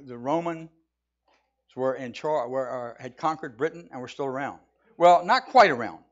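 A man's voice: fairly high pitch, a bit bright, dull audio. A man giving a folksy, conversational sermon in a church, mixing jokes with storytelling. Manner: folksy, conversational, with restarts and chuckles. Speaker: church speaker. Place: church sanctuary.

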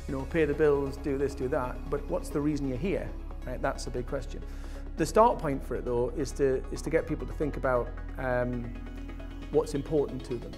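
A man's voice: mid-range voice, steady tone, normal speed, a little mellow, soft background music. A man, a motivational speaker telling a story to a live audience and acting out the people he quotes. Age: 50s. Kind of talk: keynote talk to a live audience.

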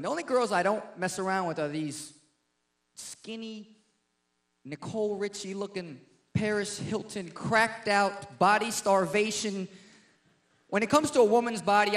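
High-voiced male comic, brash and punchy onstage. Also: a bit bright. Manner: brash, punchy, crowd-teasing. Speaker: stand-up comedian. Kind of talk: stand-up comedy routine.

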